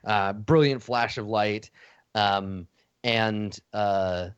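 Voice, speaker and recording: A man narrating a tabletop game as game master, halting, with many fillers and restarts. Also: on the low side, steady tone, clean tone, dry recording. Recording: dull lo-fi dry audio.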